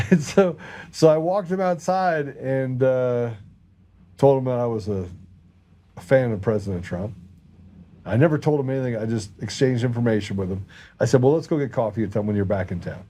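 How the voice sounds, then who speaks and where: A man's voice: medium pitch, normal speed. A man hosting a podcast, telling a story in casual chat and quoting others in his own voice. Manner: animated anecdote teller, quotes people in his own voice. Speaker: podcast host.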